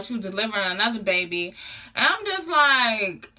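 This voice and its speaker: A young woman vlogger, telling a personal story in casual, slangy, animated talk with frequent laughter. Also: a little high, normal speed.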